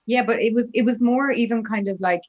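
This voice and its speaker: A woman's voice: on the high side, fairly quick, dull audio. A young Irish woman, a musician guest on a podcast, telling her story in a chatty way full of "like" and "you know". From Ireland. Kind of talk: podcast interview.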